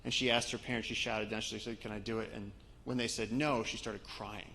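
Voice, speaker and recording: A man with a low, gravelly voice tells stories to a live audience as a guest speaker. He speaks in loose, conversational anecdotes and often restarts his sentences. Faint noise sits under his voice. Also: level tone, moderate pace, pushed and bright, poor audio. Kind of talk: storytelling talk to a live audience.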